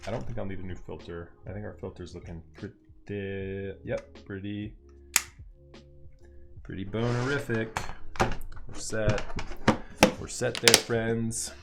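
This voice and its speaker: A man's voice: lowish voice, steady tone, a little slow, vocal fry, pauses often. A man chatting casually with his viewers on a live stream while he builds a keyboard at home, upbeat and slangy. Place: home room. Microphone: headset. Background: faint music from a movie playing elsewhere.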